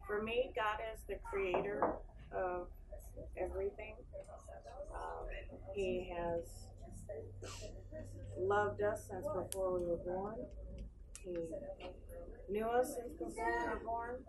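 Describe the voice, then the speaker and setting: Measured woman answering in class. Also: mid-range voice, very animated, vocal fry, noisy background. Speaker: Bible class participant.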